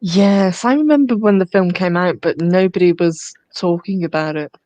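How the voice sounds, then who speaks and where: Low-voiced woman asking questions. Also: normal speed, dark tone, no echo, low-quality recording. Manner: curious, asks questions. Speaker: guest. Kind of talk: casual chat.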